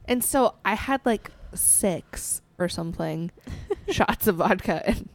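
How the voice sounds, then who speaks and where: A woman's voice: mid-range voice, animated, takes it slowly, dry recording. A woman in her twenties co-hosting a casual podcast, rambling with lots of ums and giggles. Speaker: podcast co-host. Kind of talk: casual chat.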